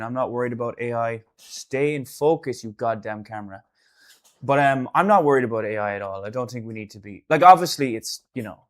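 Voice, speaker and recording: An Irish artist hosting a casual live stream, rambling loosely and breaking into sudden loud bursts now and then. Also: male voice, mid-range voice. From Ireland.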